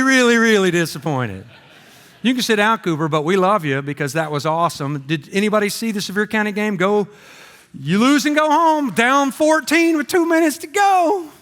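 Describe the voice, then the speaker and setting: A man's voice: very high-pitched, normal speed. A middle-aged man preaching a sermon, telling stories with comic voices. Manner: animated storytelling with comic voices. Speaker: pastor. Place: church auditorium. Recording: long hall reverb.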